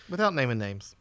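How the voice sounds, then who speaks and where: A man's voice: mid-range voice, fairly bright tone. A man hosting a talk show, asking prodding questions and cracking jokes. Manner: fast-talking, jokey, prodding questions. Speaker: host. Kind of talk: casual chat.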